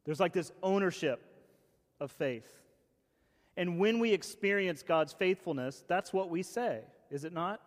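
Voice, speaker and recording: A man's voice: sits high, measured pace. A man preaching a casual, conversational sermon, often restarting phrases and saying "like" as he goes. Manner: casual, chatty, many restarts and "like". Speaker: pastor. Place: church hall. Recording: long church reverb.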